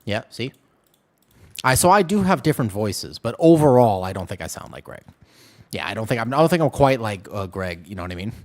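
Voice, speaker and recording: A man streaming a game, chatting casually with his viewers in quick, jumpy banter. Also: fairly low pitch. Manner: animated, jumpy banter with chat. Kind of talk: casual chat while gaming.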